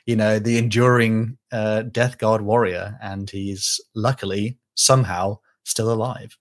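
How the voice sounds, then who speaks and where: A man's voice: lowish voice, fairly even intonation, unhurried. A man co-hosting a casual podcast, talking conversationally with fillers and asides. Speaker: podcast co-host. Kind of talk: casual lore discussion.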